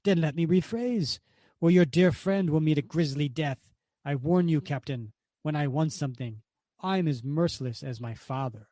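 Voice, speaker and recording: A man's voice: a little high, moderate pace, dark tone, dry recording, clean studio sound, natural voice. A man reading aloud as a proud, vengeful male villain baron, declaiming with menace. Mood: menacing.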